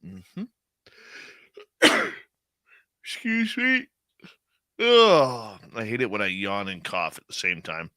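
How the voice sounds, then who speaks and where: Slow, bright-voiced joking radio host. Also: male voice, fairly low pitch, wildly swooping pitch, clean tone, no room sound. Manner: jokey, greets chat viewers by name. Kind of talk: casual live radio chat.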